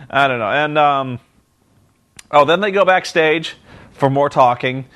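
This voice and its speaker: A man with a somewhat high voice recaps a wrestling broadcast with heavy sarcasm. He mocks what he saw and drops into silly voices to act out the people involved. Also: slow, a bit bright. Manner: sarcastic, mocking, acts out quotes in silly voices. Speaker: reviewer.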